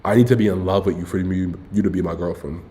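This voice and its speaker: A man's voice: low-pitched, fairly even intonation, fast, warm tone. Slangy young man rambling on stream. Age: young adult. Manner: loose, slangy, says "bro" constantly; rambling, self-interrupting. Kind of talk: casual storytelling livestream.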